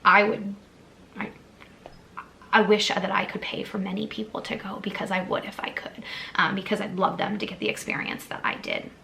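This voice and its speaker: A woman's voice: mid-range voice, little pitch movement, normal speed, vocal fry, pushed and bright, slight background noise. A young adult woman vlogger, seated, telling an emotional personal story in a gushing way with many fillers. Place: sitting on a squeaky chair.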